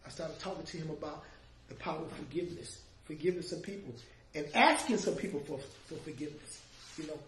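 A high-pitched middle-aged man tells a heartfelt story and voices each person he quotes. He sits back from the microphone in a reverberant room with a faint hiss behind him. The emotion builds and swells through his telling. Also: a little fast. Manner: vivid storyteller, voicing the people he quotes, with rising emotional swells. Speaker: former music manager telling a story. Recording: echoey room, distant mic, faint noise.

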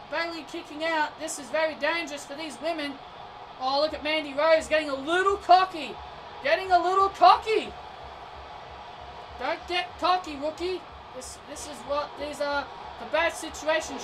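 A woman doing excitable play-by-play wrestling commentary over a video game, often shouting and tripping over her words. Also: very high voice. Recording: distant mic with noisy background.

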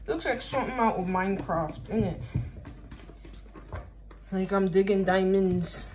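A woman's voice: medium pitch, a little slow, pauses often. Young woman, from Ireland, casual baking chat, jokey, rambling, swears, home kitchen, noisy recording. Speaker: vlogger.

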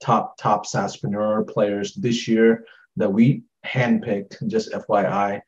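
A man's voice: on the low side, little pitch movement, slow pace, dull audio. A man co-hosting an online workshop, talking in a casual, upbeat way and often saying "like". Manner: casual, upbeat, says "like" a lot. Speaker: workshop co-host. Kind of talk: webinar chat.

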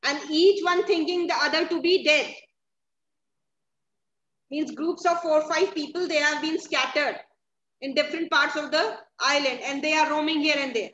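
A woman's voice: high-pitched, fairly even intonation, moderate pace, fairly bright tone. A woman teaching a literature lesson, paraphrasing each line of a play and often checking in with her listeners. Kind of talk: classroom lesson explaining a play. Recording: echoey, slightly dull, faint background noise.

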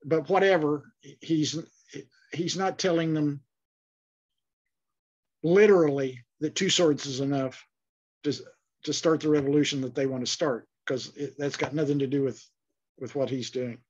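A man's voice: on the high side, steady tone, unhurried, pauses often, darkish tone, highs cut off. A man teaching an online Bible class, speaking thoughtfully with frequent fillers and restarts.

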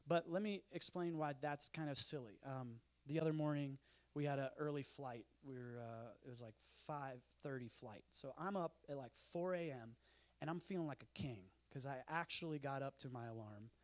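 A man's voice: medium pitch, normal speed. A man, giving a conference talk full of self-deprecating humorous stories. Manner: animated, self-deprecating storyteller. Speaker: speaker. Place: conference stage.

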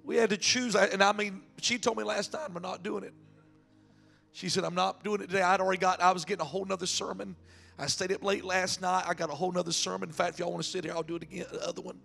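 Male pastor, bright gravelly voice, raw emotional sermon, faint music under it. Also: sits high, little pitch movement, fast. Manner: candid, emotional preaching that swings from hushed to shouting.

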